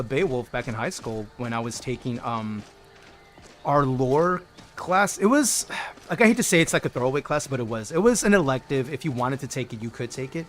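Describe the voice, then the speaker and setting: A man livestreaming a game, chatting playfully with his viewers and greeting them by name. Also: a little high. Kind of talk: casual gameplay chat with viewers.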